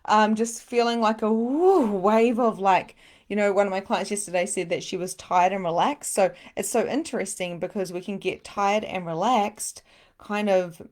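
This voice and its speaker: A middle-aged woman, a spiritual coach leading a live guided meditation and chatting with viewers in a soft, soothing way. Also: mid-range voice, moderate pace. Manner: soft, soothing guiding voice with breathy exclamations.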